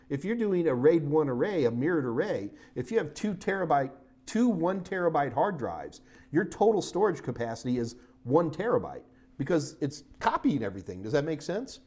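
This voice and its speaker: A man's voice: fairly high pitch, a little mellow. A middle-aged man giving a live-streamed technical lecture as an IT certification instructor, casual and joking as he talks through his slides.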